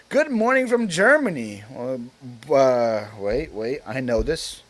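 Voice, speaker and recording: A man hosting a casual live stream, rambling with lots of filler words and reading viewer comments aloud before answering them. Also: mid-range voice.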